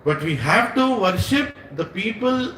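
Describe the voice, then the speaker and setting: Lecturing man with an Indian English accent, lively storyteller who quizzes his listeners, echoey room, mic set far back. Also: high voice, unhurried, a little hiss or hum. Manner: storytelling, asks the audience questions, laughs often. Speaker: spiritual teacher. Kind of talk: devotional satsang lecture. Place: room with a small gathering.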